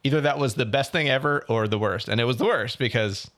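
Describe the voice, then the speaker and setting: A man's voice: mid-range voice, quick pace, fairly bright tone. A young man in casual chat, animatedly telling an audition story and quoting others. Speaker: actor telling about auditions.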